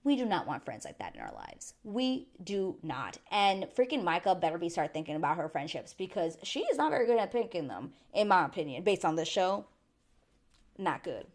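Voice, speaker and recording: A woman talks straight to her viewers in a casual, chatty recap. Her voice sits a little low, and she keeps it lively by acting out what people said. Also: moderate pace. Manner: chatty and animated, acting out quotes. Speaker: YouTube reviewer.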